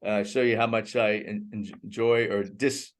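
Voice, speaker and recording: An older man co-hosting a casual film review chat, talking in a halting way with frequent restarts and self-corrections. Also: on the low side, little pitch movement, heavy background noise. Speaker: co-host.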